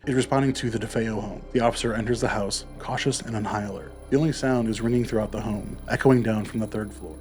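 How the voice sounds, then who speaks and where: A man's voice: on the low side, a little mellow. A man hosting a podcast, narrating true crime casually with profane, joking asides. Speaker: podcast host.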